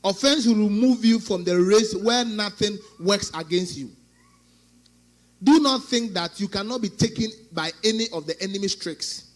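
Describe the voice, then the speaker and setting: High-voiced preaching pastor, man. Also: moderate pace. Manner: preaching with sudden loud outbursts and acted quotes. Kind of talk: sermon.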